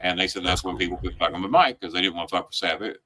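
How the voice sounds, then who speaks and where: Gruff, profane male host. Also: deep voice, very fast, sharp tone, slight background noise. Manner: blunt, heated, swears constantly; relives the story with rising emphasis. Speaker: show host. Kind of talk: profane storytelling chat.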